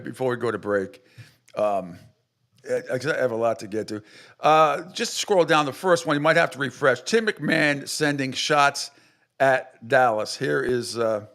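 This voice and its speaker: A man hosting a sports radio show, ranting with strong opinions and mocking others in exaggerated high voices. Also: a little slow, fairly bright tone.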